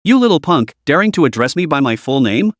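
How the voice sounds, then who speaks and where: A man's voice: on the high side, big pitch swings, fairly quick, no room sound, clean studio sound. A man voicing a bullying, blustering middle-aged male finance boss in a comic recap story. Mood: hostile. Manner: blustering, threatening.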